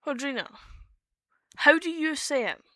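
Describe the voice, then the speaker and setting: A woman's voice: high voice, expressive, measured pace, sharp tone, no echo. Chatty Scottish woman, dry close sound. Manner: chatty, explains with restarts and fillers. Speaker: streamer. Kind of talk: casual chat on a voice call.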